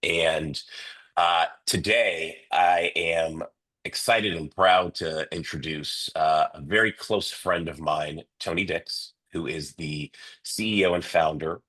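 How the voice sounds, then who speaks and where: Deep nasal-voiced man hosting a webinar. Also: a bit bright. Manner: chatty, loose, with many fillers and restarts. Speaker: real estate coach hosting a webinar. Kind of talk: live online coaching session.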